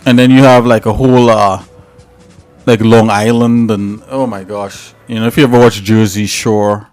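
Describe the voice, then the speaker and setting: A man's voice: on the low side, steady tone, moderate pace, a little mellow, clear, resonant tone. An American man hosts a live stream and talks casually with his viewers. He rambles and leans on filler words. Faint music runs behind him. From United States. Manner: rambling, talkative, filler-heavy.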